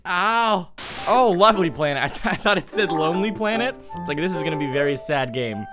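A young man doing goofy, excitable gameplay commentary as a YouTuber. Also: on the high side, brisk, over music. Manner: goofy, excitable, jokey asides. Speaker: gaming YouTuber.

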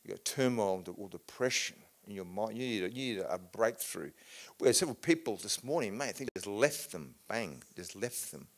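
A man with an English accent leading a healing meeting, praying over people in fervent declaring prayer that swings from soft to loud, with casual matey remarks. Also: fairly low pitch, animated, moderate pace, hardly any pauses. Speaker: healing minister.

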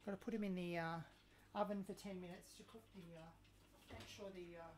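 A woman's voice: on the low side, fairly even intonation, a little fast, darkish tone, slight background noise. A woman hosting a casual live cooking stream from her kitchen, camp and cheeky, chatting and reading viewer comments aloud. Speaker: cooking livestream host.

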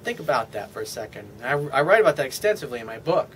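A man's voice: mid-range voice, sing-song, fast, fairly bright tone, a little hiss or hum. A man giving blunt, casual dating advice as a coach, with profane, dismissive asides.

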